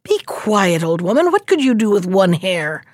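A woman's voice: medium pitch, very animated, moderate pace, dry recording. A woman voicing a bold young husband in a fairy-tale reading, speaking in a scornful, defiant way.

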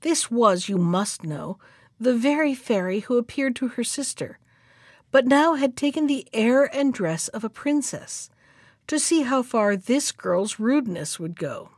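A woman host reads an old fairy tale aloud at a measured pace. Her voice sits a little high. The sound is close-miked and dry. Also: lively intonation, dry recording. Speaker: storyteller and podcast host.

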